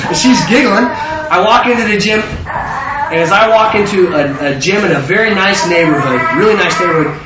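A man preaching a sermon full of stories, animated and stumbling over repeated words. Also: high-pitched, brisk, noisy background. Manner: animated, self-interrupting with repeated words and laughs. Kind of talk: sermon with storytelling. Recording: distant roomy mic, slightly dull.

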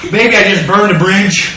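A man preaching a sermon full of stories, animated and stumbling over repeated words. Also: high voice, takes it slowly, a little hiss or hum. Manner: animated, self-interrupting with repeated words and laughs. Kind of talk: sermon with storytelling. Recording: distant roomy mic, slightly dull.

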